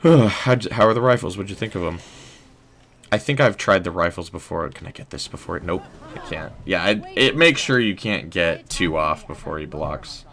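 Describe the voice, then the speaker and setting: A young man hosting a casual game livestream, rambling in a relaxed way with lots of "um" and "like". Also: deep voice, moderate pace. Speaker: livestream host.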